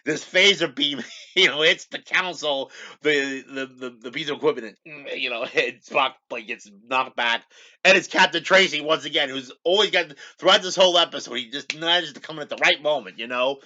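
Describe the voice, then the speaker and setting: A man's voice: on the high side, a little fast, sharp tone, muffled recording. A man hosting his own show, retelling a TV episode in a rambling casual way and repeating "he goes" a lot. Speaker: show host.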